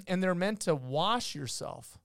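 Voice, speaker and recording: A male podcast co-host teaches casually from a Bible passage, reading verses aloud and frequently stopping to restart his sentences. His voice is high, expressive, slow, and gravelly, captured in clean studio sound with no echo.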